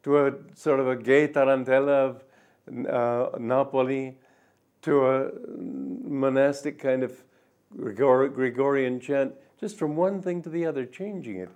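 An older man giving a reflective spiritual talk, speaking gently and musingly, with soft drawn-out endings. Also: medium pitch, steady tone, lo-fi sound. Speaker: spiritual teacher.

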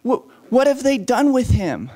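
A man voicing an anxious young woman disciple in a storybook retelling, high and tearful. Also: big pitch swings, moderate pace, mellow, full character voice. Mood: upset.

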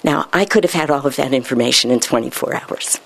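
A woman internist telling a story from her practice, acting out the dialogue with lively quoting. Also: very deep voice, fairly quick, creaky. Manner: animated, acts out quoted dialogue. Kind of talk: storytelling talk.

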